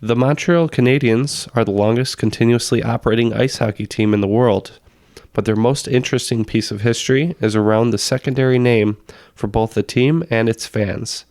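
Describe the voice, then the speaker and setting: A man with a raspy, hoarse voice from being sick, hosting a podcast trivia game and reading the questions. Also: medium pitch, fairly even intonation, normal speed, hardly any pauses, darkish tone, no room sound, studio quality. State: hoarse from illness. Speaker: trivia quizmaster.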